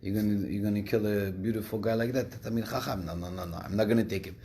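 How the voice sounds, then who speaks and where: A man's voice: fairly low pitch, fairly even intonation, fast talker, dark tone, slight background noise, voice pushed down, lightly acted. A man doing a fussy pleading mother. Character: fussy older mother in a joke.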